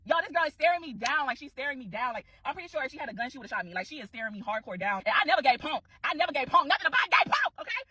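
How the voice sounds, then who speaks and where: Fast, animated woman telling a storytime. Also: high-pitched, slightly rough, dry recording, muffled recording. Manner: animated, exclaiming, talks to viewers as y'all.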